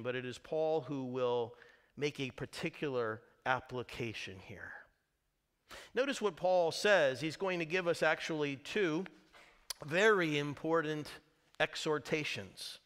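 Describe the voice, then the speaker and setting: Guy pastor preaching, bright forceful voice, a bit high, acts out the story. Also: clear, resonant tone. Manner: dramatic storytelling, acting out voices. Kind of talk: sermon. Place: church.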